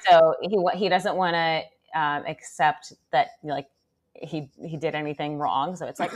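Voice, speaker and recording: A woman's voice: low-pitched, normal speed. Chatty woman telling a story. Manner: animated storytelling with lots of fillers. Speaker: podcast co-host and mother. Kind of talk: casual chat.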